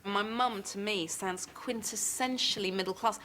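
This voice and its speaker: A woman's voice: mid-range voice, normal speed, bright, forceful tone, a little hiss or hum. A woman, speaking reflectively in a documentary interview.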